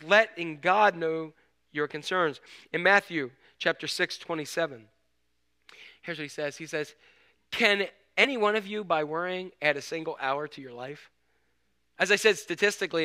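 A middle-aged male pastor preaching a sermon in an animated, conversational way, swinging from loud emphasis to hushed asides and asking rhetorical questions. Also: fairly high pitch, clear, resonant tone.

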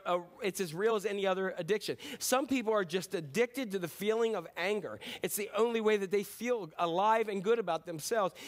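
A man in his fifties preaching a sermon in a conversational, joking way, slipping into quick impressions. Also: high-pitched. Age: 50s. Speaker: pastor.

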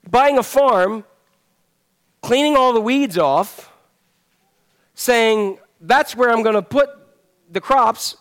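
A middle-aged man preaching a sermon in a church, conversational and joking with the congregation, handing out fruit as he goes. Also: sits high. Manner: moves about handing out fruit while talking. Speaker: pastor. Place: church sanctuary.

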